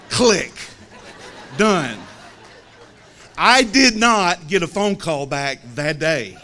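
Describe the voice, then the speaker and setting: A man from the American South, telling a humorous story to an audience in a lively, teasing way with comic pauses. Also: sits high. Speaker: speaker telling a story about a friend.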